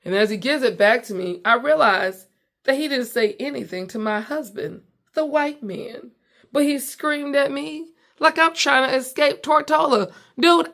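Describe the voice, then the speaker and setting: A high-pitched woman from the United States, host of a comedy show, tells a story from her home basement in animated, easygoing chat, regularly leaving sentences unfinished.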